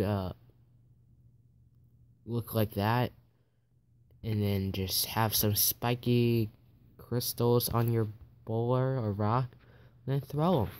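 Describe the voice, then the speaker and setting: A man's voice: mid-range voice, a little mellow. Chatty man doing game commentary. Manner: chatty and teasing, with mock laughter. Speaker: gaming video host. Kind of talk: casual gameplay commentary.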